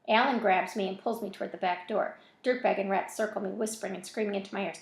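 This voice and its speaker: A woman's voice: medium pitch, fairly even intonation, fast talker, creaky, few pauses, roomy sound. A woman reading a novel aloud in an informal way, with casual self-correcting asides between chapters. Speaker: reader of a novel.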